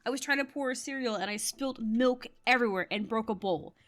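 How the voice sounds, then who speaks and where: A woman's voice: fairly high pitch, brisk, fairly bright tone. A woman chatting casually while playing a game, telling stories in a rambling way and laughing often. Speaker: gamer. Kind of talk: casual gameplay commentary.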